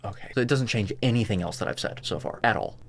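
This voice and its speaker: A man's voice: on the low side, animated, fast, vocal fry. A man hosting a reaction video, exasperated and cursing as he lists his points emphatically. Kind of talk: commentary over a played clip.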